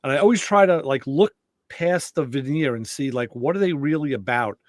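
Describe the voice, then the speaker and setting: A middle-aged man hosting a casual podcast conversation, telling stories in an animated way and acting out quoted dialogue. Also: mid-range voice, normal speed, dry recording, clean studio sound. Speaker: show host.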